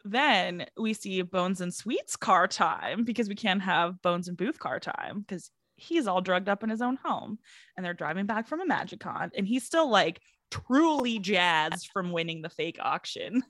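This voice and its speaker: A chatty woman co-hosts a podcast in a loose, casual recap, laughing often and slipping into quoted lines. Her voice sits at an ordinary middle pitch. The sound is dry and close. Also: lively intonation, measured pace, fairly bright tone, dry recording. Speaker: podcast co-host.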